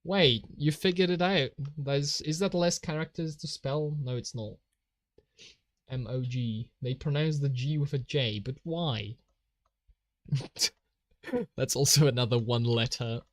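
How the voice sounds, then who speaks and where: Man, Polish accent, young, slow-paced giggly stream chat, dry recording. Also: medium pitch, no echo. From Poland. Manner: giggly, laughs often, reads out chat. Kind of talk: casual live-stream chat while drawing.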